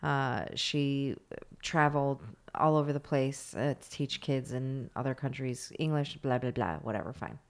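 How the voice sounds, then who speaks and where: A woman co-hosting a casual chat, telling a story in an animated, rambling way, with lots of "like" and swearing. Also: extremely low pitch, normal speed.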